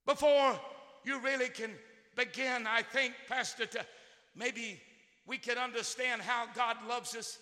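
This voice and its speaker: A man preaches in a very high, piercing, sharp voice. Long reverb trails off each phrase in a big hall. He drops to near-murmurs, then bursts into shouts, and he repeats words as he goes. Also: steady tone, slow, long pauses. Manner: swings from quiet musing to shouted outbursts. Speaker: pastor. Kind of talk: sermon.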